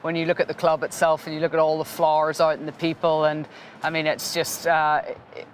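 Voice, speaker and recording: A woman's voice: low-pitched, monotone, a little fast, a little hiss or hum. A woman presenter, speaking in a rambling way with many restarts. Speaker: studio presenter.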